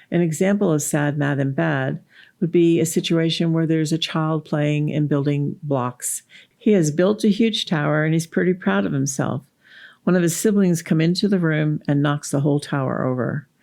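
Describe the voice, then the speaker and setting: A woman podcast host calmly explaining emotions through a told story, in a reflective teaching monologue. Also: low voice, gravelly.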